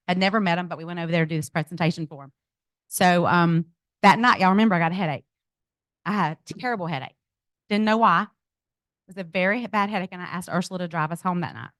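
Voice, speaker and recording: A middle-aged woman giving a lively personal testimony to a group, speaking to them directly. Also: lowish voice, dry recording. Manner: animated storytelling, addresses audience as y'all. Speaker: speaker at a business event. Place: event venue.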